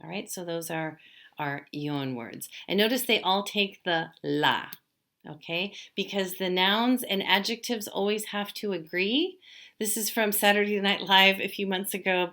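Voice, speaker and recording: A woman teaching a language lesson, explaining patiently step by step and slowly drawing out example words. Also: lowish voice, steady tone, fairly bright tone. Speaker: Spanish teacher.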